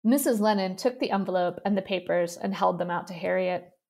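A woman reading a short story aloud in measured, even narration. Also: on the low side, vocal fry. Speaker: reader. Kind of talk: literary reading.

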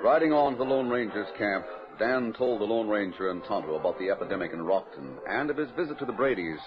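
A man giving scripted narration for a radio drama, with a smooth, steady storytelling delivery. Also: lowish voice, quick pace. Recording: dull old radio broadcast with music.

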